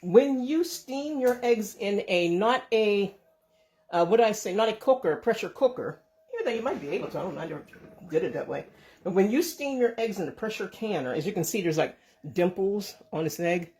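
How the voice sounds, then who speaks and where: A woman talks viewers through a home kitchen recipe while holding her own phone camera. Her delivery is loose and rambling, full of restarts and little corrections. She speaks warmly and sends blessings to the people watching. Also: mid-range voice, animated, brisk. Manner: chatty and rambling, with frequent restarts and self-corrections. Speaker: home cooking and canning channel host. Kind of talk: casual how-to vlog. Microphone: handheld phone camera.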